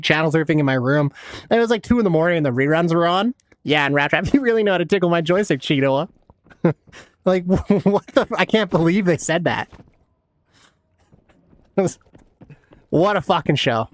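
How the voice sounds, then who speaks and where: Man, 30s, game streamer, casual commentary, laid-back, lots of swearing, slightly high voice, dry close sound. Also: expressive, moderate pace, long pauses, dry recording. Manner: laid-back, swears a lot, laughs often.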